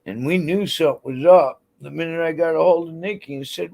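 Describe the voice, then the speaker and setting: A woman's voice: sits low, brisk, vocal fry, hardly any pauses, a little mellow. A woman hosting a livestream, ranting bluntly and heatedly with constant swearing. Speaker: livestream host. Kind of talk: angry livestream rant to chat.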